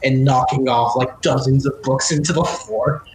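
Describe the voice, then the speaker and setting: A man's voice: mid-range voice, fairly even intonation, normal speed. A young man narrating as game master, rambling and full of fillers. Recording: echoey room with noise.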